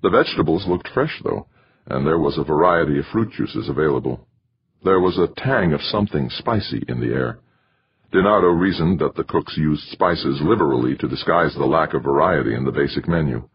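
A man narrating a novel in a steady storytelling manner, in a dull lo-fi recording. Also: very deep voice, brisk, husky. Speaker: audiobook narrator. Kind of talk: scripted narration.

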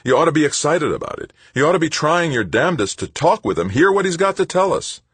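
A man's voice: medium pitch, very animated, moderate pace, husky, no echo, voice pushed up. A man voicing a younger man under interrogation, heated and incredulous, in an audiobook. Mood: agitated.

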